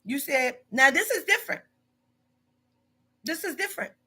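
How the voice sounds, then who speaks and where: Woman boss going off at an employee, swearing, repeating herself, high bright voice. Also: expressive, moderate pace. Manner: confrontational, profane, emphatic repetition. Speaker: boss of a psychic reading business. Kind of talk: heated monologue to a staff member.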